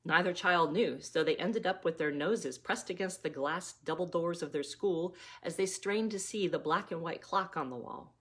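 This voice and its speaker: A woman reading her own novella aloud, gently, like a mother reading a story to her children. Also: fairly low pitch, normal speed, hardly any pauses, slightly rough.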